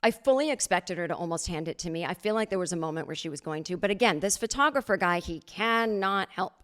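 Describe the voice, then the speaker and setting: A woman hosting a podcast, telling a comic story in a sarcastic, animated way and acting out other people's lines. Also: lowish voice, fast. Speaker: podcast host. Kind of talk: comedic storytelling monologue.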